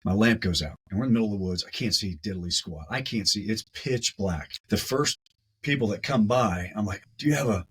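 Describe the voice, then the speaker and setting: A man, a guest on a podcast, telling a story in a casual, animated way and often repeating his words. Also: lowish voice, brisk, breathy edge, poor audio.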